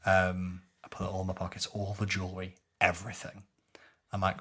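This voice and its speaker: Man, podcast co-host, casual storytelling, bright tone. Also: completely flat delivery, brisk, husky. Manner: recounts scenes with low muttered quoted dialogue.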